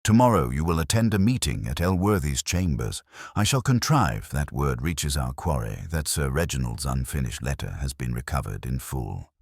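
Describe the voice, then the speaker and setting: A man voicing a shrewd, cool-headed detective who speaks with precise, commanding calm. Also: very deep voice, normal speed, creaky, husky, dry recording, clean studio sound, full character voice. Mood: scheming.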